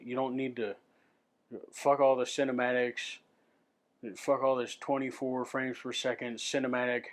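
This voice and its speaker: Profane ranting man, casual vlog. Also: mid-range voice. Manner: profane, restless, repeats and restarts words. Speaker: vlogger. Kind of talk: unscripted rant to camera.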